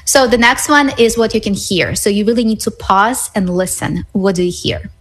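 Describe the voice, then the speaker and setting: A woman appears as a psychologist guest expert on a radio talk show, patiently explaining things with lots of "um"s and "right?"s. Her pitch is medium, her pace moderate, and the recording is rough.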